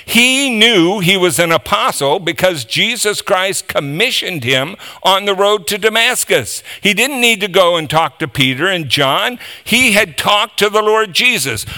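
A man's voice: high-pitched, animated, measured pace, few pauses, bright, forceful tone. A man preaching a sermon, explaining scripture with emphatic asides and reading passages aloud.

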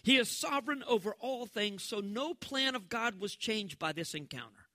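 A male pastor delivers a sermon in a high, bright voice. He talks to the congregation like a conversation and lively acts out the voices he quotes. The sound is close and dry. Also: a little slow, no echo.

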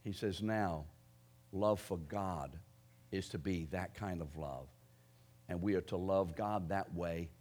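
A male preacher delivering a sermon in an emphatic way. He pushes key phrases out loudly and then drops low and quiet as he drives each point home. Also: takes it slowly. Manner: emphatic, rising to loud stresses then dropping low.

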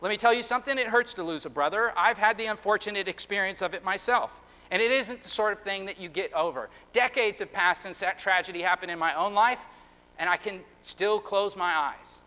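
A man preaching a sermon as pastor, earnest and halting, often restarting his words. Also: sits high, bright, forceful tone. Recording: long reverb of a hall.

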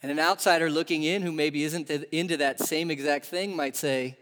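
A man delivers a sermon with a fairly high voice that rings through the long echo of a big hall. He keeps turning to his listeners with questions, in an animated, conversational way. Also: a little fast, few pauses. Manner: animated, asks the audience questions. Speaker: preacher. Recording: long reverb of a large hall.

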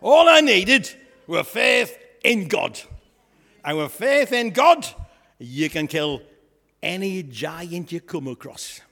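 A man playing a boastful, comic young shepherd lad, chatting and joking with a church congregation in a raspy voice. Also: high voice, big pitch swings, slow, fairly bright tone, heavily acted. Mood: cheeky. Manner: chatty, jokey, asides to the congregation. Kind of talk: comic storytelling sketch in church. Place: church hall. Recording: echoey church hall.

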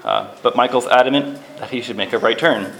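Man preacher, earnest and measured, middle pitch, faint room ambience behind. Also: creaky, a bit bright, slight background noise, poor audio. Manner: earnest, measured, briefly acts out quoted lines. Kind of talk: sermon.

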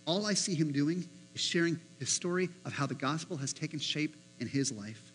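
A man preaching a sermon as pastor, animated, acting out the voices he quotes. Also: on the high side, normal speed, slight background noise, poor audio.

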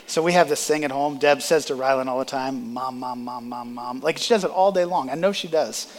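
A man's voice: fairly high pitch, fairly quick, soft background music. A man preaching a sermon, calling out to his congregation with rising emphasis. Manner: preaching with rising emphasis and audience call-and-response.

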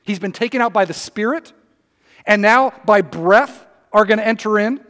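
A man's voice: high voice, moderate pace, a bit bright. A man preaching a sermon, reading scripture aloud with emphasis and breaking into conversational asides. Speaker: pastor. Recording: long reverb of a hall.

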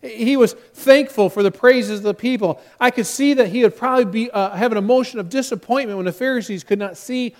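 A man's voice: very high voice, brisk, few pauses. A man preaching a sermon as pastor, talking directly to his congregation and acting out quotes with rising force.

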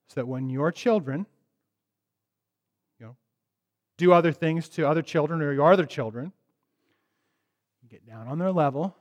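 A man preaching a sermon to his congregation, talking in a casual, joking way and addressing people directly. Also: medium pitch. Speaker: pastor. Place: church sanctuary. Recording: long hall reverb.

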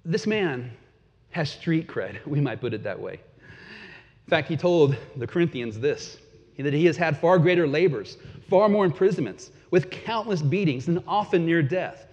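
Guy preaching a sermon, kinda high voice, big hall echo, dull lo-fi sound. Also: animated, moderate pace, darkish tone. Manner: conversational preaching with chuckles and repeated words. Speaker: pastor.

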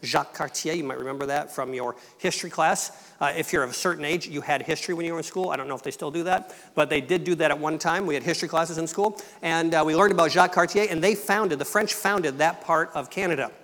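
A middle-aged man gives a missionary talk at a church, in an easy, storytelling voice with bits of humor. His voice sits a little high for a man. A long reverb hangs in the sanctuary around him. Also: fast talker, hardly any pauses, fairly bright tone. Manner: conversational, storytelling, light humor. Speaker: missionary speaker.

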